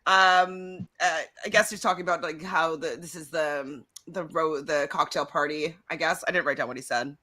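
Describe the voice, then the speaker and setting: A woman co-hosting a casual recap chat about a reality show, chatty and quick to laugh, often reading from her notes. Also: sits low, steady tone, pushed and bright.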